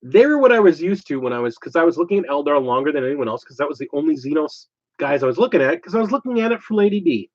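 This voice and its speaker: Male host, expressive and chatty, ranting casually over a muffled, lo-fi recording. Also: on the high side. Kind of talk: casual chat. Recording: dull lo-fi sound.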